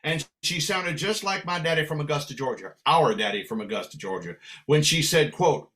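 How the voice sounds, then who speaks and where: A man from San Francisco, a guest musician telling a long story in a lively, animated way. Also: fairly high pitch, moderate pace, few pauses. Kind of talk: casual storytelling.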